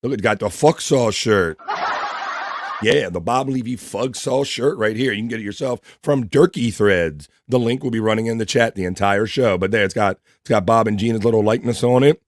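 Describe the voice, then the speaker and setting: A man's voice: on the low side, moderate pace, dry recording. A man hosting a casual livestream, reading viewers' messages aloud and greeting them by name in a loose, profane way. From East Coast of the United States. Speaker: livestream host reading chat.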